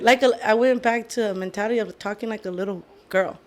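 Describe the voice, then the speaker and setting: A woman's voice: on the high side, steady tone, brisk, few pauses. A woman sits at a podcast mic and tells a long personal story in a loose, candid way. She swears freely and drops short Spanish phrases into her English. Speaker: podcast co-host. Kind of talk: casual storytelling chat.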